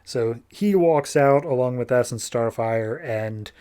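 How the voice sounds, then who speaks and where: A man's voice: medium pitch, unhurried, warm tone, clean tone. A man hosting a podcast, recapping comic books in a loose, joking, casual way and paraphrasing the characters as he goes. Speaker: podcast host.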